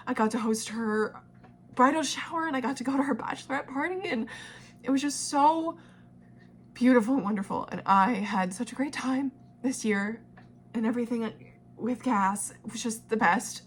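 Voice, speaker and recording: Young woman vlogger, somewhat high voice, warm casual chat that keeps breaking into laughs and tears. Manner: emotional, laughs and cries easily, swears casually. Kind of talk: casual vlog, talking to her past self.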